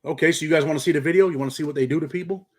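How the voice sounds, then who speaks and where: A man's voice: fairly high pitch, rapid-fire, darkish tone. Casting: middle-aged upstate New York man, slight country twang, laid-back streetwise livestream host, says "man" a lot. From Rochester, New York. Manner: streetwise slang, peppers speech with "man". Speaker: channel host and paralegal. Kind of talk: casual livestream chat, reading comments.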